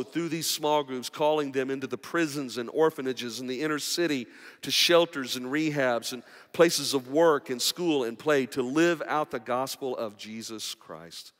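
Guy preaching in a big church, bright forceful voice, long hall echo. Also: mid-range voice. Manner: preaching with a wide, dynamic delivery, from quiet and intimate to raised and urgent. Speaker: pastor. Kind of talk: sermon. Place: church sanctuary. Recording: long reverb of a large hall.

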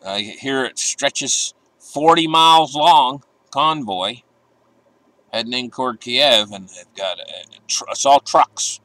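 A man's voice: mid-range voice, takes it slowly, pushed and bright, no echo, rough recording. A man giving casual, rambling market commentary, opinionated and breaking into emphatic bursts.

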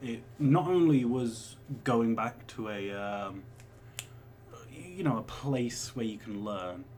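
A young man in his twenties talks loosely through viewer questions, rambling from one thought to the next with a mid-pitched voice. A faint hiss sits under the recording. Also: expressive, slow, darkish tone. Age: 20s. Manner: rambling and chatty, with swearing and laughs. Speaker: vlogger answering viewer questions. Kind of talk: casual chat.

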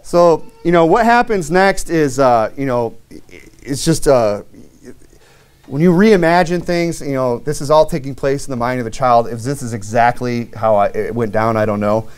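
A man's voice: mid-range voice, normal speed, a little mellow, clean tone. A man preaching a sermon through a long personal story, loose and conversational, with many fillers, restarts and wry self-mocking humor.

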